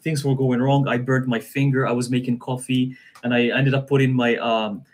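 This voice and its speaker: A man's voice: medium pitch, flat delivery, moderate pace. A man, a guest on a live stream, telling a personal story in an earnest way, often repeating himself and restarting sentences.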